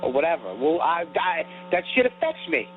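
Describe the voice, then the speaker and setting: A man with a high voice and a New York accent rants in a heated, profane way on a comedy podcast. The sound is thin and tinny, like a phone line. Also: big pitch swings, a little fast, a little hiss or hum. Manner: profane, heated, self-described sensitive. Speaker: podcast co-host. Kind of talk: ranting comedy banter.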